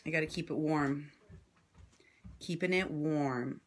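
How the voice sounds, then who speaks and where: A woman journalist giving impassioned commentary in response to viewer comments, assertive and sarcastic, swinging between loud outbursts and low asides. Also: slow pace. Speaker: independent journalist and vlogger.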